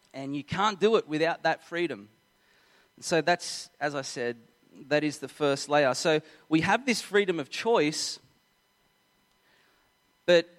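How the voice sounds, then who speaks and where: A man preaching a sermon to a crowd, telling a story with many restarts and repeated words. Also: fairly high pitch. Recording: long hall reverb.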